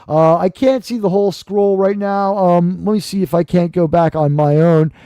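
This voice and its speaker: A high-pitched man holds forth on his live stream, rambling, brash and ready to curse. His voice sits close and dry on the mic, with no room sound around it. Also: warm tone, clean tone, no room sound. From New York, USA. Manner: rambling, brash, quick to swear. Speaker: live-stream talk show host. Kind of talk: casual live-stream monologue.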